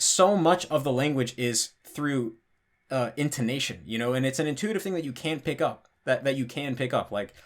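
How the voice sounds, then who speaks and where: A man hosting a casual question-and-answer talk, chatty and blunt, often checking in with the listener. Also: medium pitch. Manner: chatty, frequently checks in with "right?" and fillers; emphatic, blunt opinions. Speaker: language-learning channel host. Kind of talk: casual Q&A monologue.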